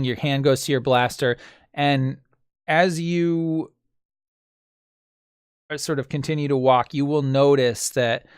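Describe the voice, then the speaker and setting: Man, game master, vivid scene narration, mouth sound effects, mid-pitched voice, dry close recording. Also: smooth, dry recording.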